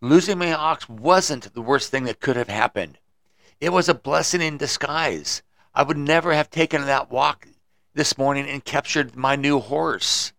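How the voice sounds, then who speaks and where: A man's voice: a little high, measured pace, vocal fry, fairly bright tone, dry recording, studio quality, pitched above the performer's own voice. A man telling a story on a podcast, voicing a worked-up farmer who pleads in raised outbursts. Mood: excited. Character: distraught middle-aged male farmer, excitable and quick to despair.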